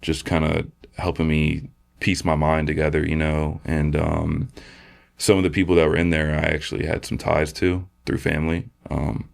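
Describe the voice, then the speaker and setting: A man, a podcast guest, sharing a personal testimony in a halting, soft-spoken way with many fillers and restarts. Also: rumbling low, little pitch movement, creaky. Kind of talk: personal testimony in casual conversation.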